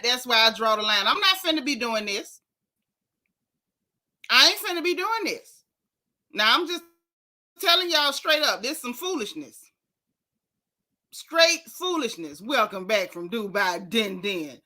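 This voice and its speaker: A middle-aged woman, casually recapping reality TV in an animated, sassy way. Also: fairly high pitch. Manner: animated, sassy, exclaiming, drawn-out emphasis. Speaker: show recap host.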